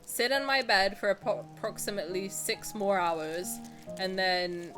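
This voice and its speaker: A woman's voice: mid-range voice, a little slow, a bit bright, faint music behind. Chatty, swearing young woman streamer. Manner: chatty, candid and joking, swears freely. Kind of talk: casual live-stream chat while gaming.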